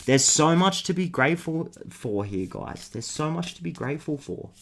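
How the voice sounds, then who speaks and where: A man's voice: fairly high pitch, expressive, normal speed, vocal fry, fairly bright tone, slight background noise. A man hosting a tarot card reading video, talking straight to his viewers in an enthusiastic, affectionate, rambling way. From Australia. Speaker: tarot reader.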